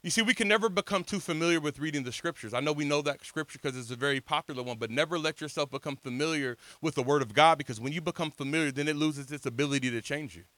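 A man preaching a sermon at an outdoor beach service, telling his own testimony with passion and big swings in loudness. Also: on the high side, fast talker, hardly any pauses, no echo.

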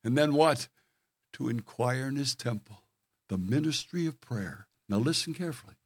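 An older man delivers a sermon in a mid-range voice, earnest and storytelling. He swings from loud, emphatic lines to near-whispered devotion. The sound is dry and close. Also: medium pitch, lively intonation, normal speed, husky, no room sound. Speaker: preacher.

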